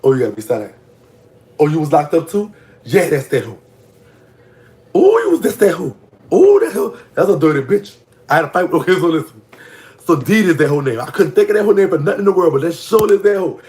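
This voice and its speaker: A man's voice: on the high side, a little mellow. A man with a Louisiana Southern accent telling a prison story in casual, gossipy storytime talk, his voice leaping up when he reacts to comments. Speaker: vlogger telling prison stories.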